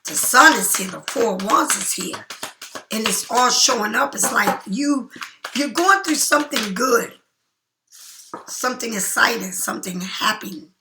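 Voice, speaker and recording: A middle-aged woman giving a casual tarot reading, chatty and emphatic, sometimes slowing into soft whispers. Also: on the high side, lively intonation, noisy background. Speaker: tarot card reader.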